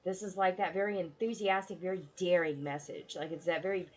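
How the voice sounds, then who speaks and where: A woman's voice: fairly low pitch, fairly even intonation, a little fast. Blunt, foul-mouthed woman reading tarot. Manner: blunt, swears freely, chatty. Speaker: tarot reader.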